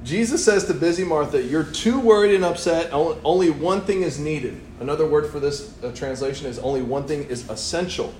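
A young man preaching a sermon in a church, animated and playful, acting out voices as he tells the story. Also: on the high side, fairly quick, hardly any pauses, slight background noise. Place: church hall. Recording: echoey church room, faint ambience.

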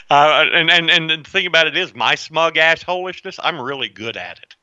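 A man's voice: a little high, measured pace, bright, forceful tone. A man co-hosting a podcast in casual chat, rambling, self-mocking and swearing freely. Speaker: podcast co-host. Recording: dull, lo-fi sound.

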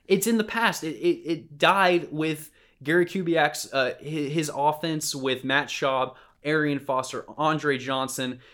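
A man's voice: fairly high pitch, steady tone, takes it slowly, few pauses, fairly bright tone. A young man from Houston co-hosting a sports podcast, ranting in exasperated, profane bursts. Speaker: podcast co-host. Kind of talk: casual sports chat.

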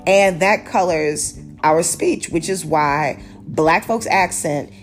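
Woman, deep voice, podcast host, casual rambling chat, restarts and fillers, faint music. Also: slow. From Baltimore.

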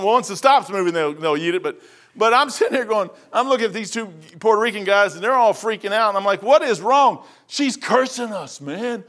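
A man with a Kentucky accent preaching in a folksy, joking storytelling style. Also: high-pitched. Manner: folksy, jokey, animated storytelling. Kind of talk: storytelling sermon.

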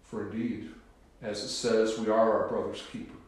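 A man preaching a sermon in a solemn, emphatic, deliberate manner, pausing to stress key words, in a church. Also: on the low side, flat delivery. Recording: very echoey room.

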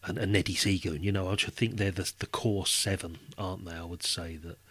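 A man's voice: low-pitched, steady tone, fairly quick, fairly bright tone, husky, dry recording. Male guest, casual chat, rambling, dry booth sound. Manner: rambling, many restarts and "you know". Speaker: podcast guest.

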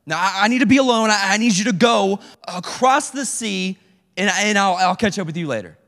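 High-voiced animated male preacher. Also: brisk. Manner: animated, acts out prayers in character; casual slangy speech. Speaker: youth pastor. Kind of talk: sermon. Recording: reverberant hall.

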